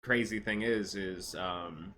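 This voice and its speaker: Bright-voiced man telling a rambling story. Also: sits low, slow pace, slight background noise. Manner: rambling, animated, with restarts and quoted voices. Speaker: vlogger telling a personal story. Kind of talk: casual storytime monologue.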